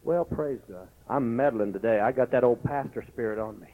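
A man preaching a lively sermon as pastor, breaking into shouted exclamations between stories and scripture reading. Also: medium pitch, fairly quick. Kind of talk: Pentecostal-style sermon. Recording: lo-fi recording.

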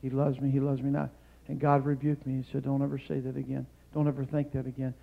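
A male guest preacher and missionary giving a Pentecostal sermon in a church, climbing to shouted peaks, then dropping into calm storytelling, with "amen" and "hallelujah" scattered throughout. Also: mid-range voice, vocal fry, narrow, tinny audio. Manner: fills pauses with "amen" and "hallelujah". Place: church sanctuary.

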